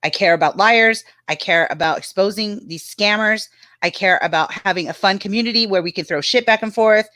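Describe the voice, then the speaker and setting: Brief: woman, stream co-host, punchy bright tone, laughs through her stories, curses loosely, dry close sound. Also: medium pitch, brisk, no room sound. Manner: laughs often while telling stories, swears freely. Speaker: panel co-host. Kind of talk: casual live-stream chat.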